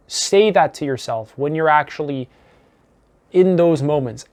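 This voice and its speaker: Earnest man coaching on self-honesty. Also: on the high side. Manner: earnest, calm and deliberate, repeats key phrases; casual fillers like "you know". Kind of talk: teaching monologue to camera.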